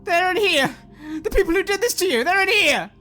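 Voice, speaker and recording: A woman's voice: extremely high pitch, animated, a little fast, pushed and bright, soft background music, voice pushed up, full character voice. A woman voicing an agitated, half-crazed young man who screams and sobs. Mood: manic. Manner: screaming, tearful, wild.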